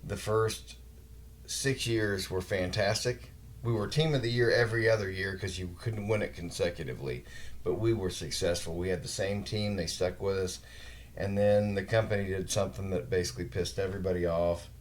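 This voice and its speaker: A man's voice: sits low, moderate pace. A man in his forties hosting a podcast, telling rambling work anecdotes in casual chat with some mild swearing. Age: 40s. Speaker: podcast host.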